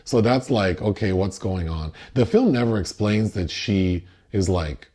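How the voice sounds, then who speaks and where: A man's voice: on the low side, unhurried, mellow, husky. A man co-hosting a casual film review chat, retelling the plot with sardonic asides. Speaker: podcast co-host.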